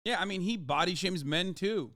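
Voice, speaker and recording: A sarcastic, profane male livestreamer rants casually to his chat, animated and full of restarts and emphatic asides. His voice is high-pitched at a normal speed, recorded dry with clean studio sound.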